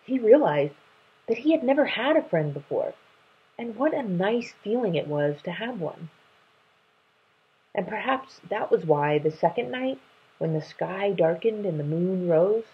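A woman reading a children's storybook aloud in a slow, gentle storytelling manner. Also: mid-range voice, breathy edge. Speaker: storybook reader. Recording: dull lo-fi recording.

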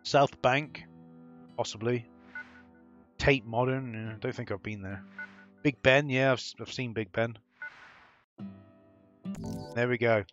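A man's voice: medium pitch, fairly even intonation, slow pace, pauses often, a bit bright. A man rambling casually through a let's-play commentary, swearing now and then. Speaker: gaming YouTuber. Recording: dull lo-fi mic, faint music behind.

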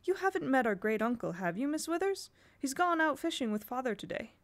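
An earnest young girl speaking a little higher than the narration, as a woman narrator puts her on for a storybook, with a faint gravel under it. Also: sing-song, brisk.

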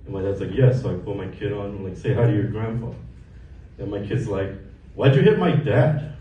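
A Mexican man in his thirties does a casual, profane stand-up set in a comedy club, telling stories deadpan in a fairly low voice at a fairly quick pace. He's recorded from afar in the echoey club, so the audio is dull, with audience laughter and room noise behind him.

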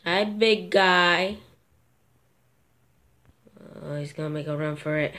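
Slow-talking excitable woman gamer. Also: on the low side. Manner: excitable, gasping and yelping at sudden moments; thinks aloud and talks to viewers. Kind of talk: live gameplay commentary.

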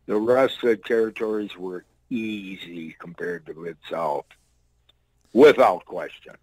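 An older man with a low voice tells rambling stories from his past career, casual and blunt with the odd curse. The sound is dry, with no room around him. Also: unhurried, dry recording, poor audio. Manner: loose, rambling anecdotes with blunt, salty wording. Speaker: guest, former pro wrestler. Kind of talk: casual storytelling.

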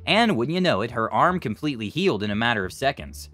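A man narrating online stories in a scripted, expressive storytelling style. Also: medium pitch, brisk, hardly any pauses, soft background music.

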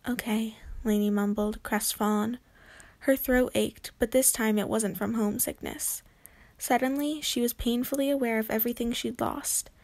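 A woman narrating a children's chapter book aloud in a gentle, clear storytelling manner. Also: fairly high pitch, steady tone, normal speed.

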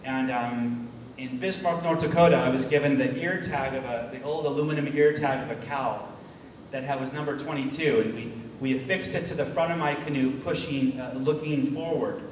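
Halting man speaking in an echoey hall. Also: mid-range voice. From United States. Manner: halting, repeats words, restarts often. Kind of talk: storytelling talk to an audience. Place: large hall. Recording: echoey hall, distant mic, faint noise.

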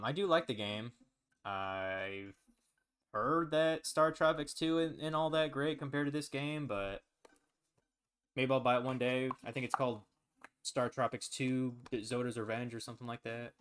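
A man streaming live, chatting casually in a rambling, relaxed way with lots of fillers and the odd swear word. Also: on the low side, clean tone. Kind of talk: casual chat.

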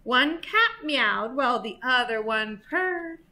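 A woman reads a children's picture book aloud for young listeners, playful and animated. Her voice is high and very bright, and she reads slowly. Her pitch swings widely up and down. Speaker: library storyteller.

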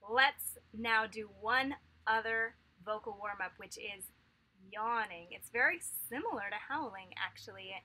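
A woman teaching a vocal warm-up lesson to children, cheerful and encouraging. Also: fairly high pitch, a little slow.

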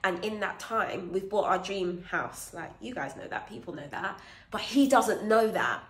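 A woman's voice: medium pitch, animated, normal speed, fairly bright tone, reverberant. A woman, chatting casually and teasing playfully in a vlog. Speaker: vlogger.

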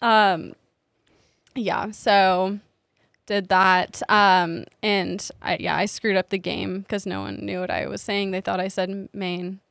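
A woman's voice: medium pitch, fairly even intonation, takes it slowly, vocal fry, fairly bright tone, no echo, clean studio sound. A young woman co-hosting a podcast in casual chat, giggly and rambling with lots of filler words. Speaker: podcast co-host.

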